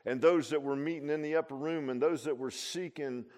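A man delivers an informal sermon, his voice sitting a little higher than most men's. He preaches in a folksy, animated way, full of rhetorical questions and asides. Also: a little fast. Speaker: pastor.

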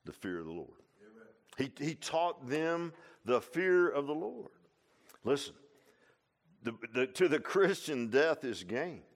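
An older man preaching a sermon in a folksy, animated way, dropping from quiet asides to loud exclamations and tossing in "huh?" and "man.". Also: fairly high pitch, unhurried, pauses often. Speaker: pastor.

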